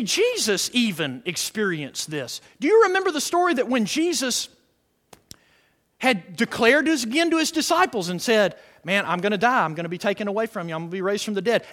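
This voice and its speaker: A man preaching a sermon, swinging between loud shouted lines and hushed quiet ones. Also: very high-pitched. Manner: dramatic swings from shouting to near-whisper. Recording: long reverb of a hall.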